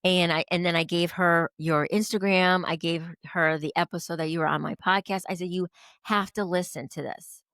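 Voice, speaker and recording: A woman with a somewhat low, gravelly voice tells an emotional personal story as a podcast guest. She acts out the lines she quotes with lively swings in tone, and the recording sounds close and dry. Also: normal speed, no echo. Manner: animated, acts out quoted dialogue.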